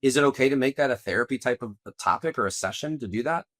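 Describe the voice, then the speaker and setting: A man's voice: medium pitch, lively intonation, quick pace, fairly bright tone, no room sound. A middle-aged man hosting a podcast interview, talking in a rambling, conversational way with many restarts. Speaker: podcast host and tax accountant.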